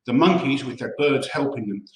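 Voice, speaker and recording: A man's voice: mid-range voice, moderate pace, a little hiss or hum. A man reading a children's story aloud with expression, in an echoey room. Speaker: reader.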